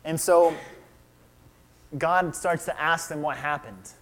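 A man in his thirties preaching, his voice sitting a touch higher than most men's. He retells a story in sermon style, stops to ask his listeners questions, and acts out the quoted lines. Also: expressive, takes it slowly, pauses often.

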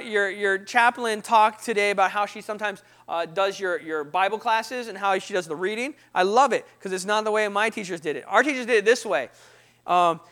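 Young guy giving a talk to a crowd, really high bright voice, acts stuff out, gets loud then goes quiet. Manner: animated, acts out voices and sound effects. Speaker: speaker. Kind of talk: motivational talk to an audience.

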